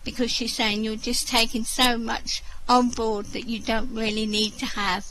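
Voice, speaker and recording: Woman giving psychic readings, high voice. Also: flat delivery, measured pace, slight background noise, rough recording. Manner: warm, repeatedly checks in with the sitter. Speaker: spiritualist medium. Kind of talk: live psychic readings in an online voice chat. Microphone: computer mic in an online voice chat room.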